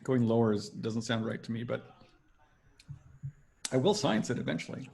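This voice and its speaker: A man's voice: mid-range voice, moderate pace, gravelly, a little mellow, a little hiss or hum. A man co-hosting a casual whisky-tasting chat, dry and wry, matter-of-fact. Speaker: podcast co-host.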